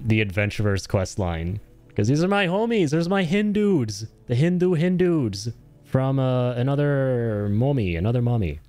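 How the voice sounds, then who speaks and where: A young adult man with a fairly low voice gives casual commentary while he plays. He is animated and jokey and swears freely, with faint music in the background. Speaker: streamer.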